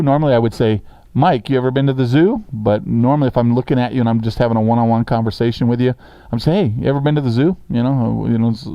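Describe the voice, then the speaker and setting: A man's voice: mid-range voice, dark tone, no room sound. Casual male teacher walking a class through grammar. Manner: casual, checks in with students often. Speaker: sixth grade teacher.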